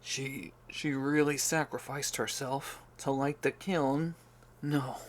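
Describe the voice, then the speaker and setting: A man's voice: mid-range voice, steady tone, slow pace, lightly acted. A man reading an audiobook, voicing a stern blacksmith father who is desperate and grieving, with a strained delivery.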